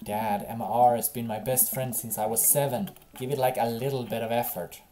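A woman's voice: very deep voice, steady tone, a little fast, mellow, slight background noise. A woman voicing a teenage girl who teases and scolds her dad in a game, speaking in a sassy, eye-rolling way. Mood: exasperated. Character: teenage girl, teasing and exasperated daughter.

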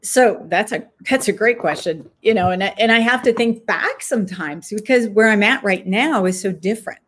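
A woman's voice: medium pitch, normal speed, a bit bright, slightly rough. A woman, an author and guest, answering interview questions reflectively and thinking aloud with frequent fillers.

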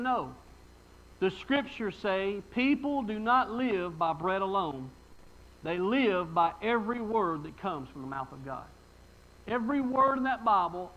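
High, bright-voiced man preaching. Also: highs cut off. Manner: folksy, emphatic preaching with rhetorical questions. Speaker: pastor. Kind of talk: sermon.

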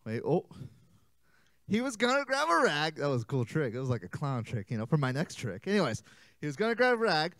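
A man teaching a children's church lesson as animated, playful storytelling, joking and interrupting himself. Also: fairly high pitch, brisk, no echo. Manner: playful, self-interrupting, jokey.

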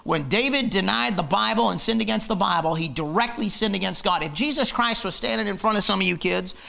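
A man's voice: sits high, fairly quick, creaky, pushed and bright. A man preaching a fiery, emphatic sermon in church, hammering his points with repetition. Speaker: pastor.

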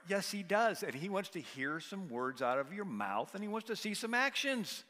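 A man's voice: high voice, big pitch swings, moderate pace, bright, forceful tone. Emphatic preaching man in an echoing hall. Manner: storytelling, voices the people he quotes, emphatic. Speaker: guest speaker. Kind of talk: preaching talk.

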